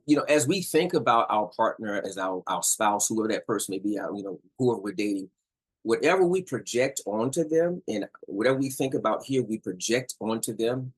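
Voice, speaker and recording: The speaker is a middle-aged man whose lowish voice has a slight roughness, captured on poor audio. Talking casually to viewers about communication in relationships, he's emphatic and repetitive, regularly checking in with "all right?".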